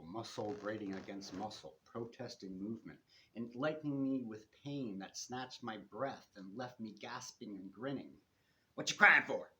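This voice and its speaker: A man, the author, reading his first-person novel aloud in a bookstore with measured storytelling and shifting pace. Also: fairly low pitch, slight background noise.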